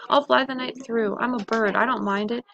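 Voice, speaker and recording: A mighty eagle who sneers over his shoulder, as a woman reads him aloud. A gravelly, slightly high voice. Classroom chatter runs behind. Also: fairly even intonation, brisk, muffled recording. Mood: sneering. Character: sneering strong male eagle.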